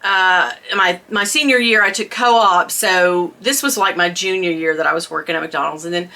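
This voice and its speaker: Chatty middle-aged lady telling a story, bright tone, laughs a lot. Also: fairly low pitch, normal speed, gravelly. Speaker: vlogger. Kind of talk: storytime chat.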